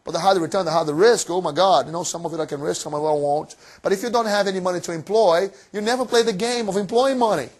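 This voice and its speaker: A man giving a motivational finance seminar to a live audience in a room, energetic and cheeky, firing off rhetorical questions. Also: sits high. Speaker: seminar presenter.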